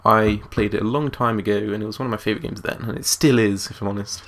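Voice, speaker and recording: A man's voice: lowish voice, steady tone, fast talker, soft background music. A man giving chatty, joking commentary over a video game. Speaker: let's play commentator.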